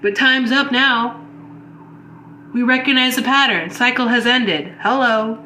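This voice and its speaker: A woman's voice: a little high, fairly even intonation, unhurried, sharp tone, reverberant, slight background noise. A woman giving an intuitive reading to her viewers in a blunt, heated lecture full of swearing. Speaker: spiritual reader.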